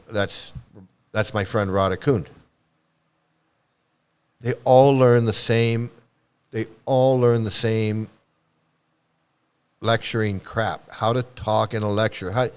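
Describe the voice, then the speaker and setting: A man's voice: on the low side, clear, resonant tone. A man giving a rambling, blunt commentary in casual monologue, swearing freely and restarting his sentences often. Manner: rambling, blunt, profane, many restarts and fillers. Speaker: ex-cult commentator.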